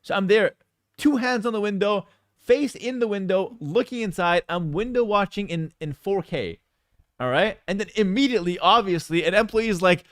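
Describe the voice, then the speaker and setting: A man's voice: high voice, brisk, no echo, studio quality. A man casting a strategy game tournament, telling a story in a casual, talkative way full of asides. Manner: animated, talkative, many fillers and asides. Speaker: game caster and streamer. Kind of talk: casual storytelling and esports commentary.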